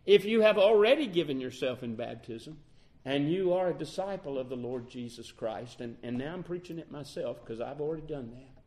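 A man preaching a sermon, swinging between loud, high exclamations and slow, soft passages, stretching out key words. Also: expressive.

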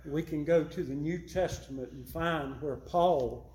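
A man preaching a sermon, emphatic and repeating his key phrases, rising louder on his main points. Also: on the high side, measured pace, roomy sound.

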